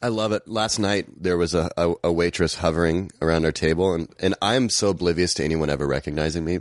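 A man's voice: low-pitched, fast talker, no echo, clean studio sound. A man who is a comedian, guesting on a podcast and telling rambling anecdotes full of fillers. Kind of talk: casual chat.

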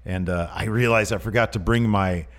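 Speaking at normal speed with a fairly low voice, a man co-hosts a podcast and rambles through casual chat. He's animated and keeps tossing in jokey asides.

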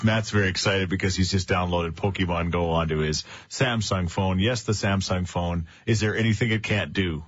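A man's voice: low-pitched, normal speed, few pauses. A middle-aged man, hosting a morning radio show and chatting casually with fillers and restarts. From Canada. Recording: muffled lo-fi radio broadcast.

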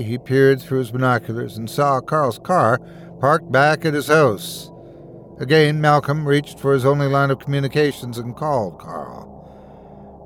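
Male horror storyteller, measured delivery. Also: medium pitch. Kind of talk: scripted horror narration.

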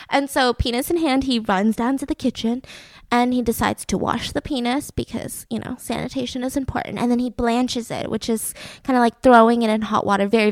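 A woman hosting a podcast, retelling a true-crime case in a chatty, animated way full of fillers at home. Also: a little high, dry recording. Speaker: podcast host. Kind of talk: casual true-crime storytelling. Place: home room with her fiance.

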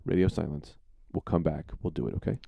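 A man's voice: extremely low pitch, steady tone, quick pace, gravelly, dark tone, no echo. A man hosting a podcast, telling stories in a casual, playful way. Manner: playful, storytelling. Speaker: podcast host. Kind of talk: casual chat.

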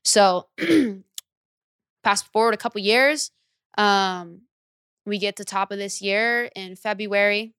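A young woman, a recording artist, telling her story in a casual interview, slangy and animated, acting out her own reactions. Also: mid-range voice, slow, pauses often, smooth, no echo, studio quality.

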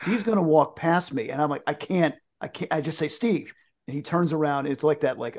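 A man telling a story in casual chat, animated, jokey, acting out the dialogue. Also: fairly high pitch, a little fast.

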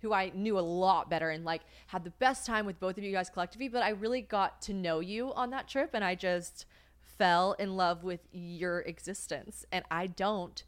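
A woman's voice: on the low side, normal speed, clear, resonant tone. A young woman co-hosting a podcast in casual chat, rambling, swearing freely and laughing often. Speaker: podcast co-host.

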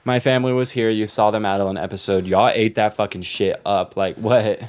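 Low-voiced laughing male podcast co-host. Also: fairly even intonation, fairly quick. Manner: laughing, profane, storytelling. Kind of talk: casual chat.

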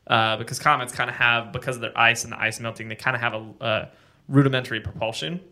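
A man talking through a space story in easy podcast chatter, with plenty of ums and uhs. His voice sounds bright and a little tense. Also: mid-range voice, steady tone, a little fast. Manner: explains science loosely, with fillers and laughs. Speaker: podcast co-host. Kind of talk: casual chat.

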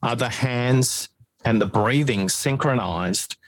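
A man's voice: medium pitch, slow, no room sound, low-quality recording. A man speaking as a guest in an interview over a video call, explaining his ideas step by step in lists. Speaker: podcast guest and author on listening. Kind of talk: interview conversation.

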